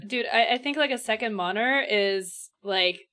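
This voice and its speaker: A woman's voice: a little high, moderate pace, sharp tone. A woman in a casual panel chat, emphatic and full of fillers. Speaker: streamer panelist.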